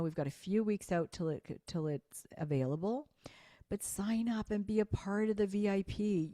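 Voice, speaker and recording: A woman's voice: lowish voice, warm tone, no echo, studio quality. A woman hosting a live online sales coaching session, speaking emphatically, repeating slogans and asking viewers to respond in chat. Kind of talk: live-streamed coaching talk.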